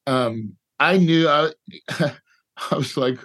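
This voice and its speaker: A man's voice: a little high, very slow, a bit bright. A middle-aged man, a podcast guest, telling a personal story in an emotional, repetitive way, often tagging lines with "right?" and "dude". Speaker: podcast guest, real estate investor. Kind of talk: candid storytelling interview.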